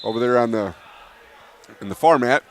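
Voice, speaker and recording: A man's voice: medium pitch, a little hiss or hum. A middle-aged man co-commentating a wrestling meet, giving score updates and short agreements. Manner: terse, quick agreements.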